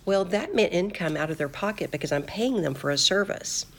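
A woman's voice: fairly low pitch, animated, fairly quick. An older woman hosting a devotional talk show, speaking earnestly and conversationally with fillers and restarts. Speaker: host of a faith talk show.

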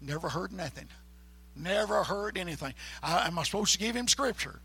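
A man's voice: high voice, animated, brisk, creaky, pushed and bright, slightly rough. A man, a preacher telling a folksy, emphatic testimony story.

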